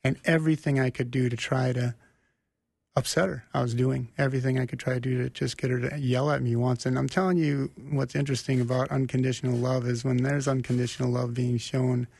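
Earnest guy w a gravelly voice telling his testimony, dry close sound. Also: medium pitch, a little fast, no room sound. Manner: earnest, animated, with frequent restarts. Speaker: guest sharing his testimony. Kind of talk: conversational storytelling.

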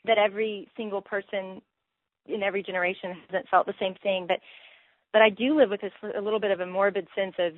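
A woman, a Bible teacher guest, talking earnestly in a casual faith interview, with many halting restarts. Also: mid-range voice, steady tone, dry recording. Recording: tinny phone line.

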